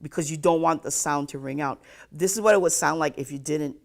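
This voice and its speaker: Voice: mid-range voice, a little fast, creaky. A ukulele teacher giving a live online lesson, counting beats aloud and checking in with "okay?" after nearly every point.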